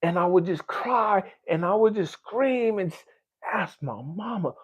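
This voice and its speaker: A spiritual coach, a man, delivers an emotional, confessional motivational monologue, sinking to low murmurs and climbing to near-shouts while swearing often. He's expressive, keeps a measured pace and has a breathy edge.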